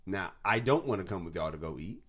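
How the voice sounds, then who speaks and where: A man with a fairly low voice co-hosts a relaxed podcast conversation. He spins stories with energy, slipping into the voices of the people he quotes and breaking into laughter along the way. He sounds like he is in his forties. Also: a little fast. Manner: animated storyteller, acts out quotes, laughs often. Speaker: podcast co-host. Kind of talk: casual chat.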